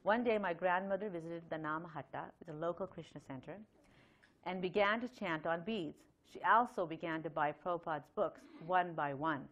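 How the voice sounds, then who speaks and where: A middle-aged woman giving a Sunday temple lecture, talking conversationally with many fillers and reading a long letter aloud. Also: lowish voice. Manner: conversational, chatty with frequent fillers and light laughs; reads a letter aloud at length. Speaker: temple speaker.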